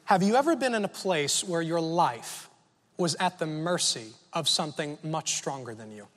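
A man preaching a sermon and telling a personal story in a relaxed, conversational way, often asking the audience questions. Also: fairly high pitch, normal speed, big-room sound.

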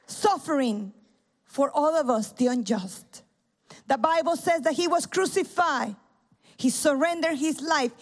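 A woman preaching a sermon at a church service, impassioned, swinging from loud cries to hushed tones. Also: very high voice.

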